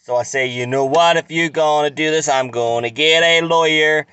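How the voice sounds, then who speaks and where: A man telling a crude, rambling comic story in a deadpan way. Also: on the high side, moderate pace, clear, resonant tone, dry recording. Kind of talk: comic monologue.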